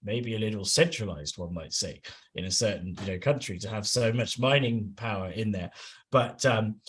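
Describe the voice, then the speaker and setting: Halting Englishman chatting on a panel. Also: fairly low pitch, a little hiss or hum. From England. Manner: halting, many restarts and fillers. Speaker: show regular. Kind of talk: casual panel chat.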